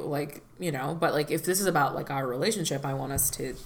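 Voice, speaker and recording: A woman's voice: deep voice, brisk. A woman co-hosting a casual podcast conversation, talking with many fillers and breaking into laughter.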